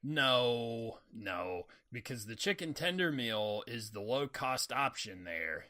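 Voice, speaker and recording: Bright-voiced, laid-back podcast co-host man. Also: mid-range voice, expressive, takes it slowly. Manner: laid-back, laughs easily. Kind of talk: casual chat.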